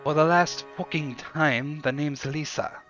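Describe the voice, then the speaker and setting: A man voices a ferocious, protective young woman activist. She speaks slowly and firmly with a stern edge. The recording is slightly muffled. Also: medium pitch, lively intonation, sharp tone, soft background music, pitched above the performer's own voice.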